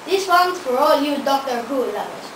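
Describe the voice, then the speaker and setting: A girl playing a hammy squeaky seal host. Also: animated, normal speed, far from the mic. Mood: cheery. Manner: hammy, self-satisfied, squealing at her own jokes. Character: goofy vain female seal show host. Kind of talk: homemade comedy sketch. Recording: echoey room, faint hiss, off-mic.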